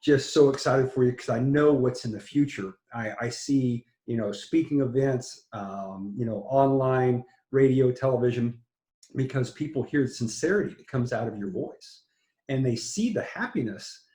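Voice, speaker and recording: Male interviewer, effusive and rambling, average pitch, recorded in a roomy space. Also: normal speed, warm tone. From Texas. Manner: enthusiastic, rambling with restarts. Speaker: interviewer, publisher. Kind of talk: conversational interview.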